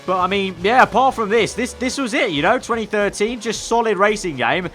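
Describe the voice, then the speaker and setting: A gaming video creator talks his way through a racing game, chatty, wry, and quick with sarcastic jabs. His voice sits slightly above the typical male range and comes across high-pitched, animated, and a bit bright. Faint music plays in the background.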